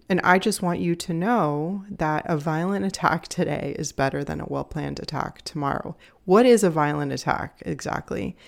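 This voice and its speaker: A woman in her thirties talks through a casual solo podcast episode from home. Her voice sits low and carries a gravelly edge. She speaks earnestly and confidingly, as if addressing each listener directly. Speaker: podcast host and nutrition coach.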